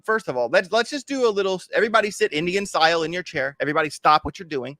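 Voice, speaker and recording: Man, crypto stream host, chatty and hyped, higher voice, dry close sound. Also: expressive, fast, sharp tone, no echo. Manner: chatty, hyped, joking with viewers. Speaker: crypto trading livestream host. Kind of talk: casual livestream chart analysis. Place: home, in Miami.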